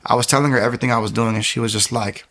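A man's voice: mid-range voice, rapid-fire. A young man from the United States, casually telling his personal testimony and acting out the people he quotes. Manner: animated, acts out quoted voices.

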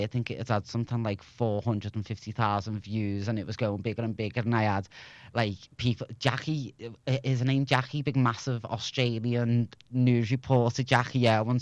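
A man's voice: medium pitch, steady tone, brisk, no room sound, highs cut off. A young man from Liverpool with a Scouse accent, a former radio presenter chatting as an interview guest and laughing often. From Liverpool, England. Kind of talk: casual interview chat.

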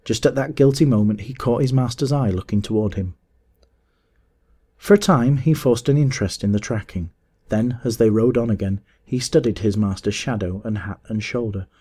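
A man narrating a story in a measured, expressive audiobook reading. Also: fairly low pitch.

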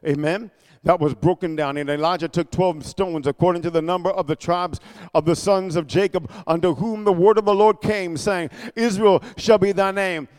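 A preacher man with a strikingly high voice that sounds smooth and resonant. He reads scripture fervently, swinging between shouts and hushed asides, and keeps calling out for amens. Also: fairly even intonation, normal speed. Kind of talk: sermon reading and explaining scripture.

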